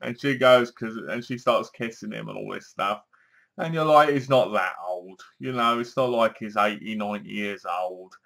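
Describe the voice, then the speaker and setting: A man's voice: on the low side, moderate pace, gravelly, a bit bright. A man giving a casual spoken review of a TV episode, acting out the scenes as he retells them. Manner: chatty, acts out scenes with sighs and gasps.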